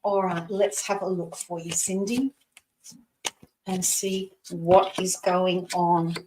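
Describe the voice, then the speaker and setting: A woman's voice: on the low side, steady tone, slow pace, roomy sound, distant mic, slight background noise, rough recording. A Scottish-born woman in her sixties giving a live tarot reading in a reassuring way, speaking to the person asking by name. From Scotland. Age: 60s. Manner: warm, reassuring, talks to the asker by name. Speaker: psychic reader.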